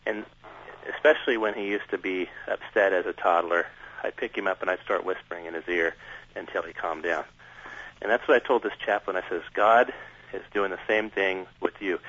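A man talking as a radio interview guest, earnest and measured, recounting things at length. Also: low-pitched, pushed and bright. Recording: dull, dry sound.

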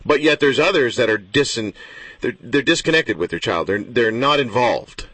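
A male host asking brisk, rambling conversational questions in an interview. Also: mid-range voice, expressive, a bit bright, slightly rough, no room sound. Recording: voice from far off the mic.

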